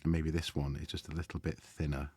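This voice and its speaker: A man chatting casually to viewers as he draws on a live stream, relaxed and thinking aloud, often trailing off mid-sentence. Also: a bass voice, quick pace, breathy edge, faint music behind. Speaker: art streamer. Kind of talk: casual chat while drawing live.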